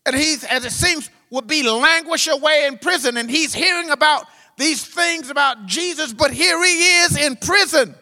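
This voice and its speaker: High, bright preaching man in a hall. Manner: swings from loud rising exclamations to low quiet asides. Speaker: pastor. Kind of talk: sermon. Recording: long hall reverb.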